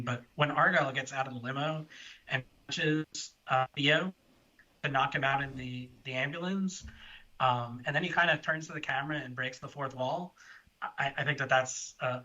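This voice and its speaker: A man chats loosely as a podcast guest, circling back and restarting his thoughts. His voice is bright and forward, and the recording sounds a little dull and muffled. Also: medium pitch. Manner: chatty, rambling with restarts. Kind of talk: casual film chat.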